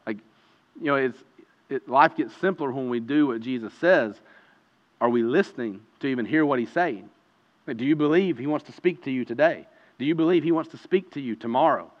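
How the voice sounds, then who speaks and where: A man preaching a conversational sermon as pastor, earnest and emphatic, moving between hushed and loud delivery. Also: mid-range voice, brisk. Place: church sanctuary. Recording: reverberant hall, dull lo-fi sound.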